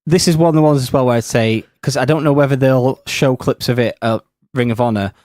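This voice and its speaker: A man's voice: medium pitch, fairly quick, darkish tone, no room sound, studio quality. A man on a podcast, earnestly giving a detailed rundown in casual chat. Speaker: podcast co-host.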